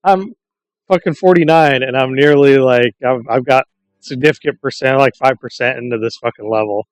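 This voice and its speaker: A man chatting casually with friends while playing an online game, swearing freely and telling stories at a relaxed pace. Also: medium pitch, normal speed, dry recording. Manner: profane, laid-back storytelling. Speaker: gamer in a group. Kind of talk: casual voice chat while gaming.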